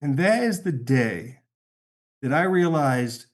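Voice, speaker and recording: A middle-aged man, a podcast guest, telling a personal story in a halting, emotional way, often repeating words. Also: a little high, animated.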